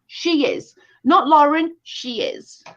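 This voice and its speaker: A woman's voice: high voice, slow, a bit bright. Woman, stream host, casual commentary, exasperated, repeats herself, dull lo-fi sound. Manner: exasperated, emphatic, repeats points.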